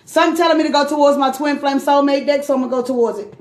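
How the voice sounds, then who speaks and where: A high-pitched woman runs a loose, chatty tarot reading, cursing freely and calling her listener queen and sis. Her voice echoes around the room as she talks. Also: steady tone, rapid-fire, background noise. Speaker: tarot card reader. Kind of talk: casual live tarot reading.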